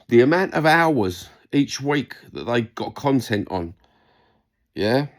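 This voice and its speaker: Speaking slowly but very animated, a man with a medium-pitched voice and a London accent fires off a heated, sweary rant to camera in response to a comment, going over his points again and again.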